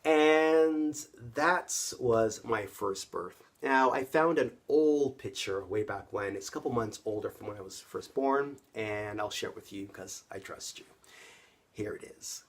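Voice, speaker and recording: A man's voice: on the low side, measured pace. A man of about fifty from Canada telling a personal story to camera in a conversational way, speaking straight to his viewers. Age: around 50. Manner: conversational, addresses viewers directly. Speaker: vlogger.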